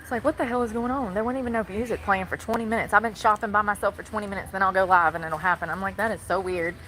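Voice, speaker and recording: A woman's voice: medium pitch, very fast, bright, forceful tone, slight background noise, poor audio. A woman live streaming on her phone while shopping in a large store, rambling to her chat and complaining about others.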